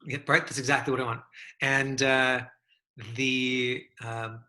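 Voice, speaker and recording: Guy teaching acting on a video call, super bright voice, rambly and chatty with lots of uh and you know. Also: mid-range voice, little pitch movement, a little slow. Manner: chatty, loose, full of fillers and restarts. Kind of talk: online acting class over video call.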